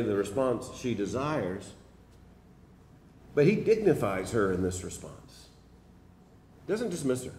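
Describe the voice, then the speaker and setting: A man's voice: mid-range voice, a little hiss or hum. A middle-aged man preaching a sermon in a seminary chapel, emphatic and driving his points home by repeating phrases. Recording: echoey hall from a distance.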